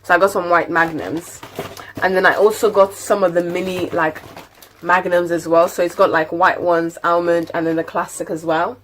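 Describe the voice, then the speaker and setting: A woman's voice: on the low side, little pitch movement, normal speed, a little hiss or hum. A young woman vlogging at home, chatting through a grocery haul in a rambling, filler-heavy way. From United Kingdom. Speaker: lifestyle vlogger. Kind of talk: casual grocery haul chat.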